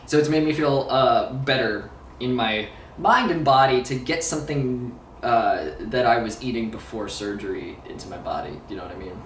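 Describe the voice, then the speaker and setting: Recovering from surgery, this vlogger chats in an expressive, fairly quick voice of medium pitch with a slightly bright tone. He rambles, curses, mocks himself, and laughs a lot; the mic is distant, the room sounds roomy, and there's faint ambient background noise.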